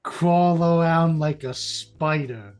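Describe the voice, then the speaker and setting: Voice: mid-range voice, slow, a little mellow. A tabletop game player who jokes around, full of likes and restarts.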